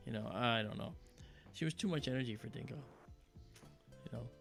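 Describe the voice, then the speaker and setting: A man hosting a livestream, talking casually and telling animated stories with quoted voices. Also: mid-range voice, fairly quick, creaky, soft background music. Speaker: livestream host.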